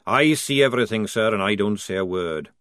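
Male reader voicing a cunning veteran sergeant, gruff and conspiratorial, dry audiobook sound. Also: on the low side, animated, fairly quick, a bit bright, dry recording. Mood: knowing. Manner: gruff, conspiratorial, says sir a lot. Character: wily, knowing older male army sergeant.

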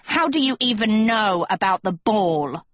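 A woman's voice: medium pitch, expressive, unhurried, no room sound. A woman doing a screechy, scornful witch girl. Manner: screeching, mocking.

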